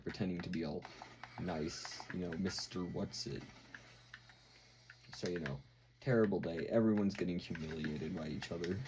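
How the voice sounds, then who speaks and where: A man's voice: low-pitched, noisy background. A man hosting a video, casually recapping a show in a rambling way with lots of fillers. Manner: rambling, full of fillers and acted-out quotes. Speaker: video host.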